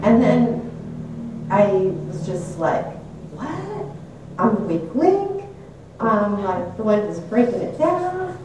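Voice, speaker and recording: A woman's voice: mid-range voice, very animated, takes it slowly, noisy background. An older woman telling a personal story in a reflective, candid way, often laughing at herself. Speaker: speaker sharing a personal story. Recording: echoey room, mic at a distance.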